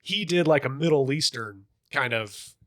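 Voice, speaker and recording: A young man co-hosting a podcast, chatting casually and telling theater stories with quick asides. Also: medium pitch, lively intonation, no room sound, clean studio sound. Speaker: podcast co-host. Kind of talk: casual chat.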